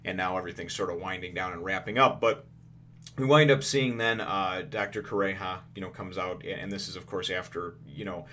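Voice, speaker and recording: A man's voice: sits low, steady tone, brisk, sharp tone, a little hiss or hum. A man hosting a casual comic review, rambling with lots of fillers and restarts and laughing often. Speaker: host.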